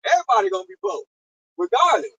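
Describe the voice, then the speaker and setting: A man in a casual group discussion, chiming in with quick remarks. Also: high voice, very animated, bright, forceful tone, slightly rough, no echo, recorded from a distance, highs cut off. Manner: quick interjections.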